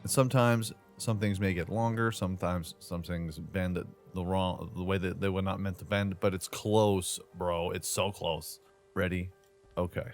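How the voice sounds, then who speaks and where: A man's voice: deep voice, fairly even intonation, a little slow, soft background music. Man chatting through a building tour. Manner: chatty, playful, loose slang and asides. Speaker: gaming channel host. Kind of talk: casual gameplay commentary.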